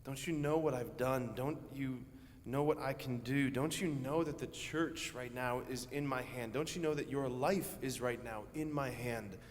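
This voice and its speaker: A priest voicing a calm, loving teacher who gently questions and reassures his followers, in a church with long reverb. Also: medium pitch, moderate pace, slight background noise, lightly acted. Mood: reassuring.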